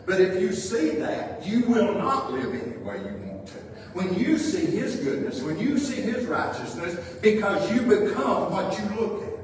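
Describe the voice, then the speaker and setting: A man's voice: high voice, very animated, moderate pace, few pauses. A male pastor preaching a sermon. He speaks with emphasis, acts out the voices he quotes and reads scripture aloud. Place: church sanctuary. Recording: echoey hall, heard from a distance.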